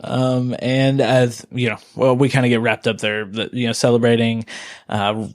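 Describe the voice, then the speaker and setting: A man's voice: medium pitch, little pitch movement, normal speed, darkish tone, no echo, clean studio sound. A man hosting a casual movie podcast, rambling with many fillers and restarts. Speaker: podcast host.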